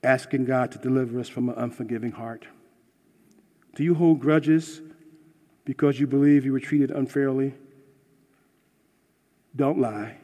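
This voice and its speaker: A man's voice: medium pitch, steady tone, a little slow, pauses often. Passionate preacher man in a reverberant hall. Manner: passionate, swings from hushed to shouting. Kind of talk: sermon with closing prayer.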